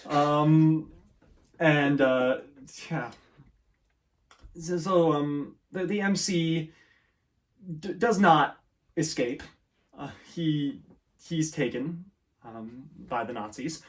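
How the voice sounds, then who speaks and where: A man's voice: a little high, extremely slow, pauses often. A young man answering interview questions casually, with many fillers, restarts and easy laughs. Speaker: guest, student performer.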